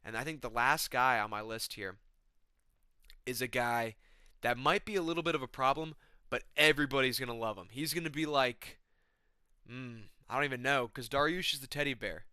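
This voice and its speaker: A man's voice: medium pitch, moderate pace, bright, forceful tone, smooth, no room sound, studio quality. A young man telling a casual, comedic vlog story in slangy talk full of "bro" and "man". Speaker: YouTuber, MMA commentator.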